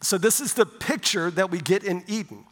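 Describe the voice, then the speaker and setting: A man's voice: sits high, normal speed, a bit bright. A middle-aged male pastor preaching a sermon in a conversational way, often checking in with "right?". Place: church sanctuary. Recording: long church reverb.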